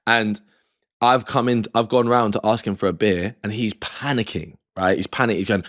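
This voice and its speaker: A low-pitched man tells a long, loose story on a casual podcast. He swears freely, backtracks and acts out other people's lines as he goes. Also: fast talker, fairly bright tone. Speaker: podcast co-host.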